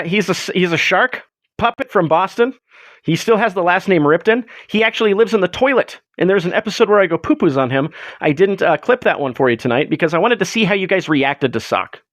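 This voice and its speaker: A man's voice: sits high, animated, brisk, fairly bright tone, no room sound. A man hosting a casual livestream on a close desk mic, chatting with viewers in a rambling way full of fillers. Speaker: livestream host.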